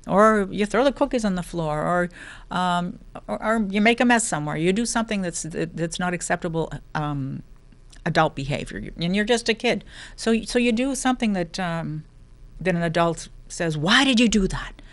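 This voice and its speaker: A woman's voice: fairly low pitch, moderate pace. A middle-aged woman hosting a lifestyle talk, speaking casually with many restarts and playful asides. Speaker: host of a lifestyle show. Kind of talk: casual spoken talk on self-help.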